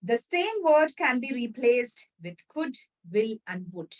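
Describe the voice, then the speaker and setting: A woman teaching business English in an online lesson, repeating example sentences slowly and checking that viewers follow. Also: a little high, sing-song, distant mic, poor audio. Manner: addresses viewers directly, checks understanding.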